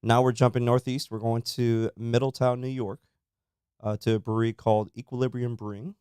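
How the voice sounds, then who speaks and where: A man co-hosting a casual beer-tasting podcast, relaxed and chatty, with plenty of ums and uhs. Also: medium pitch, fairly quick, clean tone, no room sound, studio quality. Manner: relaxed, chatty, says um and uh often. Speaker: podcast co-host.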